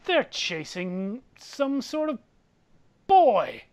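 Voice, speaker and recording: A man voicing an arrogant, wealthy man who speaks in a slow, haughty drawl. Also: high-pitched, very animated, pitched above the performer's own voice, exaggerated voice. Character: arrogant rich man, aloof and dismissive.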